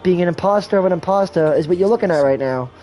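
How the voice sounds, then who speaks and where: A man's voice: high voice, fast talker, warm tone. A man giving casual, rambling game commentary on a livestream, full of crude jokes.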